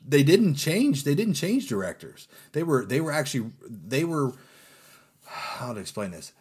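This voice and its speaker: Guy on a podcast rambling thru a story, mid-pitch voice, throws in silly voices for quotes. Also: moderate pace, breathy edge. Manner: animated storytelling, acts out quotes. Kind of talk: casual chat.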